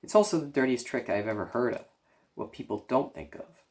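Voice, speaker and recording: A man reading aloud and voicing a wise, gentle female spider who speaks sweetly and calmly. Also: medium pitch, brisk, close to an everyday voice. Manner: sweet and calm.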